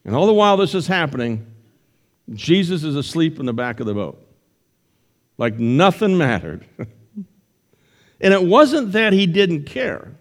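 A male pastor preaching a sermon to his congregation in church, retelling a story with shifting pace and loudness. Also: fairly high pitch, big pitch swings, unhurried, pauses often.

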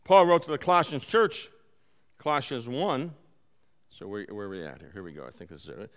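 A man preaching a conversational sermon, telling a personal story and moving between soft, quiet stretches and loud, animated bursts. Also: medium pitch, fairly quick. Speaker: pastor. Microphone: live-streamed service.

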